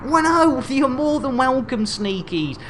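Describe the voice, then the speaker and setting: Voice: high-pitched, very animated, measured pace, fairly bright tone, a little hiss or hum. A game streamer chatting casually on a live stream, with jolly, chatty showman patter and playful catchphrases.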